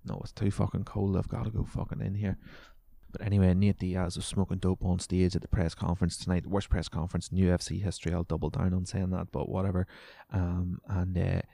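A man's voice: low voice, flat delivery, brisk, vocal fry, dark tone, no echo. A man hosting a casual solo podcast, sweary and sarcastic, his voice wearing out. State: voice going. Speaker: podcast host.

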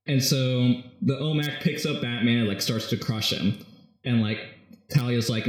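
A man in casual chat, animatedly retelling a comic story and slipping into quick quoted voices. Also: mid-range voice, fairly even intonation. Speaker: podcast co-host recapping a comic. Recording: echoey room.

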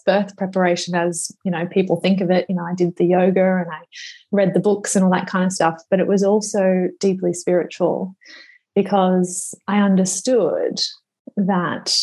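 A woman in her thirties, a podcast guest speaking slowly and reflectively, at times emotional. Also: mid-range voice, warm tone, breathy edge. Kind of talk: conversational interview.

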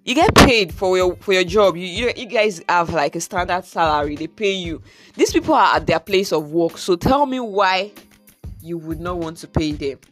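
Nigerian-accented vlogger, casual storytime, exasperated and chatty, soft music underneath. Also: medium pitch, lively intonation, moderate pace. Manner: chatty, exasperated, mixes in pidgin slang.

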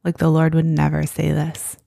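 A woman with a low, gravelly voice shares her thoughts candidly in a faith conversation. The sound is dry and close. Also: monotone, normal speed, dark tone, no room sound. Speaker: podcast co-host.

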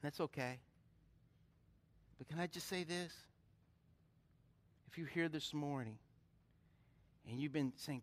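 A man's voice: on the high side, slow pace, long pauses. A middle-aged man preaching a sermon as pastor, telling stories with animation and putting questions to his congregation.

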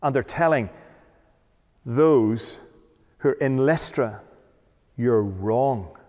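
A man's voice: medium pitch, slow pace, darkish tone. Emphatic male preacher in a reverberant hall. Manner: emphatic, with rhetorical questions. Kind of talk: sermon.

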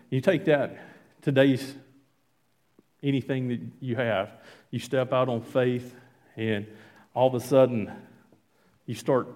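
A man giving an informal sermon and reading scripture aloud, conversational and halting, with frequent fillers and restarts. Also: mid-range voice, a little mellow. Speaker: lay preacher.

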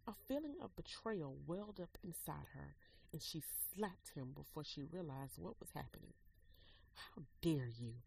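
A woman, the author, reading an excerpt from her own novel in measured narration. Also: low-pitched, vocal fry, a little mellow, a little hiss or hum, poor audio. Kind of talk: dramatic story reading.

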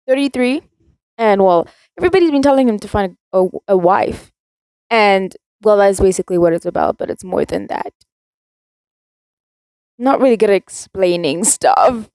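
A woman's voice: mid-range voice, darkish tone, clean tone, no echo. A teenage girl from South Africa hosting her own podcast, rambling and contradicting herself in a casual rant. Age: teens. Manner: rambling, self-contradicting, chatty. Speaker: podcast host.

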